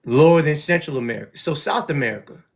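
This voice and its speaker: A man hosting a live call-in stream, arguing with callers in an animated way and often repeating and restarting his words. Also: a little high, quick pace. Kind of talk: casual debate with callers.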